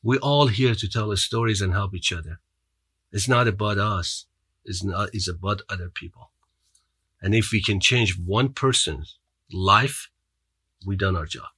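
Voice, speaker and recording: A man's voice: fairly low pitch, a little slow, long pauses, sharp tone, breathy edge, no room sound. Earnest man with an accent. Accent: foreign accent. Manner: earnest, motivational, with restarts. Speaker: podcast guest. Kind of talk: storytelling in an interview.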